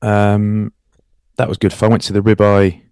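Male co-host, low-pitched, teasing banter, close dry mic. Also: moderate pace, clean tone, dry recording. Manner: teasing, chatty, animated storyteller. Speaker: co-host, rugby commentator. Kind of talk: casual podcast banter.

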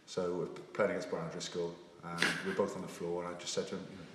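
A man's voice: sits low, level tone, fast, heavy background noise. A man in his own voice, a co-host and former rugby player, telling laid-back, self-mocking stories in casual chat. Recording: reverberant room, heard from a distance.

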